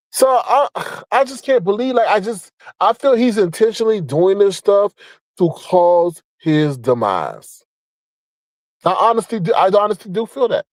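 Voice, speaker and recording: A man with a high-pitched voice delivers a blunt, profane rant, scolding and mocking as he hammers his points home by repeating them. The sound is dry and close, with no room around it. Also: lively intonation, unhurried, long pauses, no room sound, rough recording. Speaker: online commentator. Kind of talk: ranting commentary.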